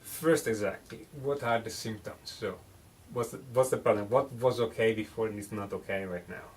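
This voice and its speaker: A man's voice: lowish voice, moderate pace, distant mic. A man teaching songwriting in a casual one-on-one lesson, joking and often restarting his phrases.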